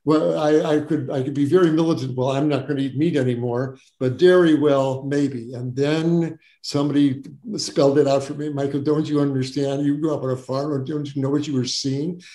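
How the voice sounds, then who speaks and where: An older man speaks earnestly in a warm, mellow voice that sits a little high for a man. He keeps stressing his points by repeating words. The sound is roomy and echoey. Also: steady tone, moderate pace, hardly any pauses. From Wisconsin, USA. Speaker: guest doctor. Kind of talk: interview storytelling.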